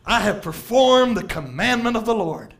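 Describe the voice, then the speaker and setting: A man's voice: high-pitched, lively intonation, moderate pace, a bit bright. A man voicing a boastful, insecure king who brags about his deeds in a raised, pushing voice.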